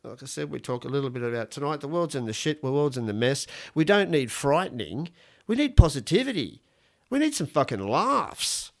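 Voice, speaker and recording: A fifty-something Australian man hosts a rough-and-ready podcast from his garage. His mid-range voice has a gravelly edge, and he rambles through blunt, profane jokes in an easy, offhand way. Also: medium pitch, big pitch swings, fairly quick. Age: 50s. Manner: blunt, swearing, rambling and jokey. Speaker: podcast host. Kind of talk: casual solo podcast monologue. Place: home garage studio.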